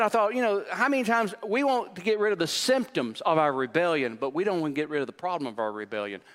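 A male pastor delivering an earnest, urgent sermon and then leading a hushed closing prayer. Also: on the high side, in a large hall. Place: church sanctuary.

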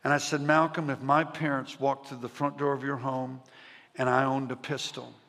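A man in his seventies preaching a personal testimony sermon, telling his story emphatically with dramatic pauses. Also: medium pitch, flat delivery, a bit bright. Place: large church sanctuary. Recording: long reverb of a large hall.

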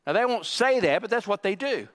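A bright, high-pitched male pastor preaches with emphatic, drawn-out phrasing and dry asides. His voice rings through a church sanctuary with a long, lingering reverb. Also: animated. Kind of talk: sermon. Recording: long reverb of a large hall.

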